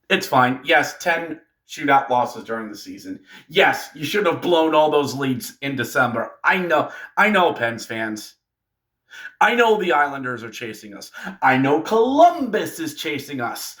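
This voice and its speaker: A man hosting a casual hockey recap video, animated and joking, talking straight to fellow fans. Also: fairly high pitch, unhurried. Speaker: hockey fan video host. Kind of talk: casual game recap commentary.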